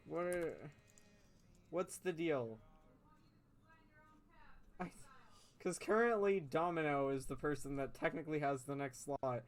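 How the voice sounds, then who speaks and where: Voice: mid-range voice, measured pace, pauses often, rough recording. An artist streamer on a live stream, bewildered and laughing while asking what is going on. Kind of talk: casual live stream chat. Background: lofi music.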